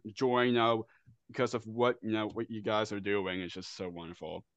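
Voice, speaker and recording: A man's voice: on the low side, level tone, normal speed, highs cut off. A man co-hosting an interview podcast, eager and stumbling, repeating words as he talks. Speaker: podcast co-host. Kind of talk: casual interview chat.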